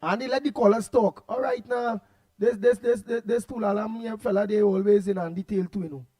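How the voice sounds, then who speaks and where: Chatty high-voiced Trinidadian radio host. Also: male voice, steady tone, a little fast, dark tone. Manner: chatty, laughing, repeats words, dialect speech. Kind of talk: casual radio talk, reading listener comments.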